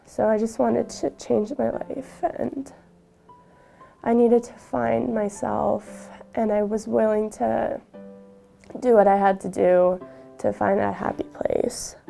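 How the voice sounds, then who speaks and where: A young woman, a university student, telling her personal story in an interview, halting, with frequent fillers and restarts. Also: a little high, level tone, gravelly, dark tone, faint music behind.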